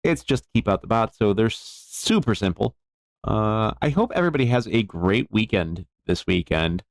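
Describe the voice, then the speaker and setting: A man's voice: on the low side, animated, normal speed, no room sound, studio quality. A man chatting casually on a live stream from his jewelry workbench, easygoing and rambling as he thanks viewers. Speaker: jeweler streaming bench work.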